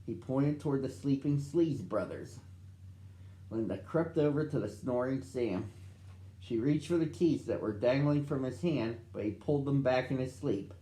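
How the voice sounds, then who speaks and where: A man's voice: medium pitch, normal speed, mellow, echoey room. A man reading a storybook aloud expressively for children.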